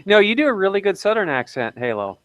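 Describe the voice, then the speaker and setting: A man hosting a casual group livestream chat, jokey and quick to laugh. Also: high voice, sing-song, fairly bright tone, dry recording. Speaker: livestream host.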